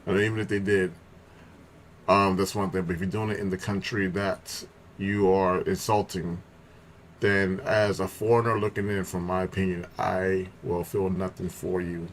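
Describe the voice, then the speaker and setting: A low-voiced man comments bluntly, reacting to clips. His interjections are emphatic, and there is a faint hum in the background. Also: level tone, moderate pace. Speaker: reaction video host. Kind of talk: casual commentary.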